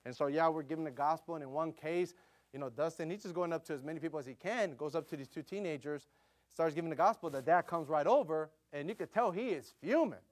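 A middle-aged American man preaching a sermon as a missionary, telling stories in an animated way and calling out to his audience. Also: fairly high pitch. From United States. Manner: animated, quick storytelling with audience call-outs. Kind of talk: storytelling sermon.

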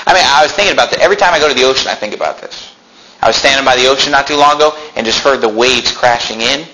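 A pastor preaching a sermon in a church, explaining scripture with rhetorical questions and folksy asides. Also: male voice, mid-range voice, very fast, noisy background.

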